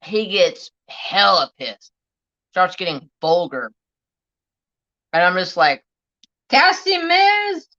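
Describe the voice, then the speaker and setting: A middle-aged woman hosts a live stream, telling a rambling, profane story bluntly and casually while answering chat. Her voice is lowish and fairly bright, with a slow pace and frequent pauses. The stream audio sounds dull and lo-fi.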